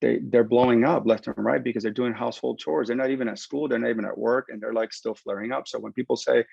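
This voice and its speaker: A man working as a concussion rehab clinician, giving an animated explanatory webinar talk over a video call. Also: mid-range voice, fast talker, vocal fry, few pauses, breathy edge, no echo. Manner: animated, explanatory, acts out patient quotes. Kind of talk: webinar presentation. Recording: dull lo-fi dry webinar audio.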